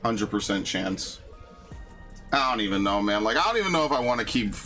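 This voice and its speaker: A man's voice: fairly low pitch, big pitch swings, brisk. Profane grumbling gamer man, game music behind. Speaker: gaming streamer. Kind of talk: casual live-stream commentary.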